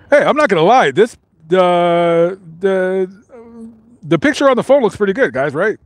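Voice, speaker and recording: A man's voice: sits high, lively intonation, normal speed, no room sound. Rambling man chatting on a live stream. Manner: rambling, many fillers and restarts; talking while walking around. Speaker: vlogger reading live chat. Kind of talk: casual live stream chat.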